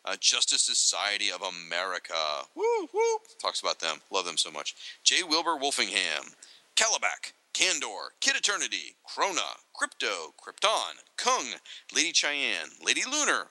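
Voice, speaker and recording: A man co-hosting a casual chat, reading entries aloud from a reference book and adding excitable, joking asides. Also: fairly low pitch, normal speed, dry recording, low-quality recording. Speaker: podcast co-host.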